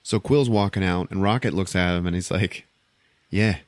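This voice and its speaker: A man with a fairly low voice runs through a film's plot for his podcast, loose and offhand, dropping the odd swear. He is close on the mic in a dry room with no echo. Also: brisk. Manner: offhand, profane retelling. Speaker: podcast host. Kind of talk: casual movie recap.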